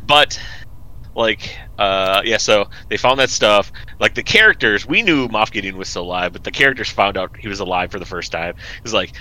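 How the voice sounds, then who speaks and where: A man's voice: lowish voice, expressive, moderate pace, sharp tone. A man chatting casually on a podcast, rambling and acting out lines in silly voices. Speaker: podcast co-host. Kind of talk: casual chat.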